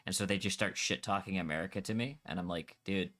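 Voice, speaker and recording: Animated Scottish man, bright edgy voice. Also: low-pitched, fast talker. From Scotland. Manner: animated, argumentative, swears freely. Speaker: Minecraft server streamer. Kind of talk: casual gaming chat.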